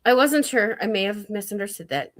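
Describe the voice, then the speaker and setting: Lively, teasing woman chatting. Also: mid-range voice, brisk. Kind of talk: casual livestream chat.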